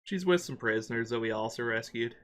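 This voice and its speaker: A man voicing a friendly Canadian ally in a tabletop game, with an over-the-top Canadian accent and a folksy, halting manner. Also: mid-range voice, animated, a bit bright, close to an everyday voice. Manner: folksy, hesitant. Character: friendly Canadian man who works with the Sheikah. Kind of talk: tabletop role-play.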